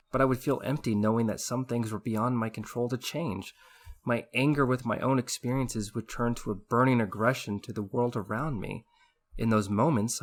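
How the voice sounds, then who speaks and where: A man narrating a first-person audiobook in a steady, measured read. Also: medium pitch.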